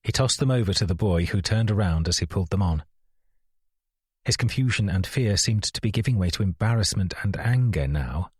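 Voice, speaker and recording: A man narrates a first-person mystery thriller with measured, dramatic pacing. His voice sits low and carries a husky grain. The recording is dry and close, with no room sound. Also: animated, no echo. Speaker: audiobook narrator.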